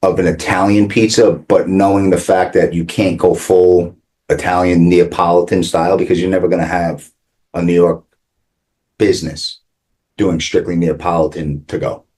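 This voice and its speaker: The owner of a pizzeria tells stories chattily on a local business podcast, peppering them with "like" and acted-out quotes. His low, slightly mellow voice is flat in delivery and moves at a normal speed.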